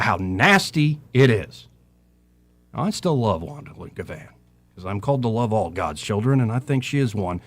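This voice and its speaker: A middle-aged man giving impassioned talk radio commentary, preaching with scripture and swinging his voice up and down. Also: medium pitch. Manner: preacherly, quoting scripture, voice rising and falling.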